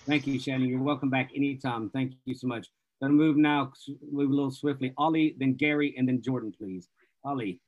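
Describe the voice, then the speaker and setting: A man casually hosts an online networking event over a video call, passing the floor to speakers and joking that he's bad with names. His voice is medium-pitched, fairly even and darkish, with a fairly quick pace, and the audio is dull and lo-fi.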